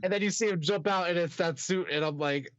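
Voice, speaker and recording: A young man chats on a podcast with a slightly raised pitch, excited and swearing freely. His voice sounds dry and dull, as from a lo-fi recording. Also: a little fast, dry recording. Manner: excited, swearing, laughing often. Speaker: podcast co-host. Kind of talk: casual chat.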